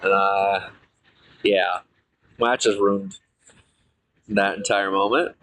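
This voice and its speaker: A man's voice: fairly low pitch, fairly even intonation, slow, a bit bright, poor audio. A man streaming to viewers, telling long rambling personal stories full of fillers and restarts.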